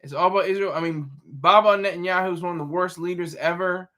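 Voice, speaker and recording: Man, high voice, stream host, casual rambling commentary, halting restarts. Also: fairly even intonation, sharp tone. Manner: rambling, halting, frequent restarts and self-corrections. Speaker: livestream host reading chat.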